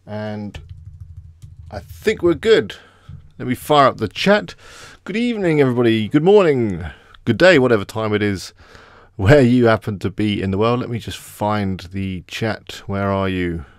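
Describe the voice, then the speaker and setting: A man's voice: medium pitch, no echo, studio quality. An Englishman hosting a casual live stream, chatting with viewers and greeting them by name. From England.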